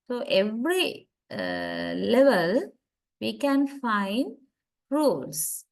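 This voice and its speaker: A woman teaches a class over a video call, taking her time and pausing to ask whether her students are following. Her voice sits a little high, and she moves unhurriedly from point to point. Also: low-quality recording. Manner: slow, deliberate explaining with frequent "right?" and "uh" checks. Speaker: lecturer. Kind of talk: online university lecture.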